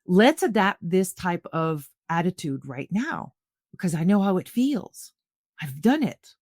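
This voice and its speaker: A woman's voice: lowish voice, measured pace, no echo, studio quality. Earnest middle-aged Canadian woman telling a story. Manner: earnest, animated retelling with frequent restarts. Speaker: podcast guest. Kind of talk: conversational storytelling.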